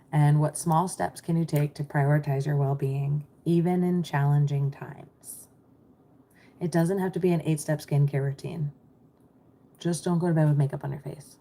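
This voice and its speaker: A lower-pitched woman talks straight into her computer mic on a livestream. She is a middle-aged American business coach, chatty and reassuring, answering viewers as she reads the chat. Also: a little mellow.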